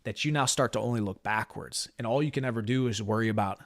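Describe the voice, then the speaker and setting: A man's voice: on the low side, fast, no echo, clean studio sound. A man acting as a business mentor, giving a blunt motivational talk full of profanity and emphatic repetition.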